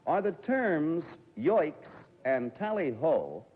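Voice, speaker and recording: A man's voice: fairly high pitch, big pitch swings. A man hosting a live radio quiz show, firing off questions and cracking jokes at the contestants. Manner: joking, quick wisecracks. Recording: tinny, hissy 1950s broadcast recording.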